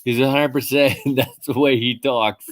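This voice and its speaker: A drunk man hosting a livestream, loud and profane, laughing with his callers. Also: medium pitch, fairly even intonation, normal speed. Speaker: host. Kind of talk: livestream chat.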